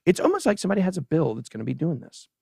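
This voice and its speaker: A man hosting a casual livestream crypto show, giving animated and sarcastic commentary as he chats with a co-host and the live chat. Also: on the high side, very fast, gravelly, slightly rough, dry recording, studio quality. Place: show studio stage.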